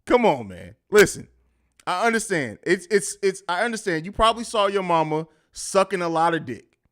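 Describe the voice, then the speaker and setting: A man's voice: high-pitched, sing-song, moderate pace, a bit bright. A man hosting a live post-game sports podcast, reading chat comments and answering them in a combative, mocking, trash-talking way. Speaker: podcast host.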